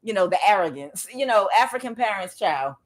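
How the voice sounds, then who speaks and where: A frank, profane woman tarot reader tells a personal story straight to her viewers in a casual, animated way. She laughs often and jumps into the voices of the people she describes. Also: mid-range voice, a little fast.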